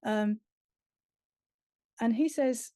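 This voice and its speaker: A woman's voice: a little high, very slow, warm tone, no room sound. A woman writer giving an earnest, reflective workshop talk about teaching creative writing.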